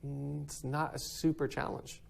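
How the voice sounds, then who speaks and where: A man's voice: a little high, level tone, unhurried, gravelly. A man teaching a recorded math lesson in an upbeat way, often checking in with "right?".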